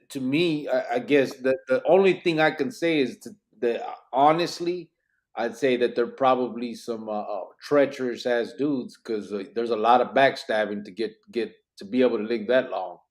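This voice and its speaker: A man's voice: mid-range voice, normal speed. Laid-back male podcast host. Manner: reads out viewer questions, laid-back. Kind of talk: casual interview.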